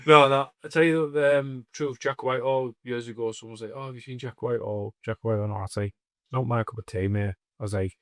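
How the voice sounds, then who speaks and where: A man's voice: mid-range voice, fast, no echo, clean studio sound. A man, telling stories as a comedian co-host of a casual podcast, swearing constantly. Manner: swears constantly, animated anecdotes. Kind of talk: casual storytelling chat.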